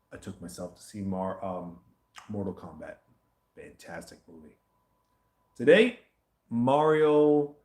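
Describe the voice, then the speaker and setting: A man chatting casually as the host of a livestream question session, rambling, animated and swearing often. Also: on the low side, reverberant. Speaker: host answering viewer questions.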